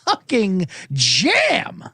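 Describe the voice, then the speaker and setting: A man's voice: sits high, wildly swooping pitch, extremely slow, sharp tone, husky, dry recording, studio quality. A man hosting a casual sports betting podcast, rambling and profane, often cutting himself off mid-sentence. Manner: rambling, profane, self-interrupting. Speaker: podcast host. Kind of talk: casual livestream chat.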